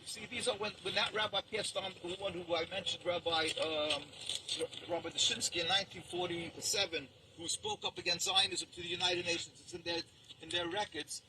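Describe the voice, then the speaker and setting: A man being interviewed at a protest, talking emphatically with halting restarts, recorded outdoors in the street. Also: high voice, fairly even intonation, heavy background noise.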